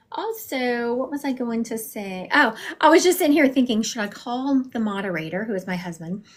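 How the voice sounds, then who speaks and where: Chatty woman reading for viewers. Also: fairly high pitch. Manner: chatty, warm-hearted, talks straight to viewers. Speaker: psychic medium livestreamer. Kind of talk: casual livestream reading.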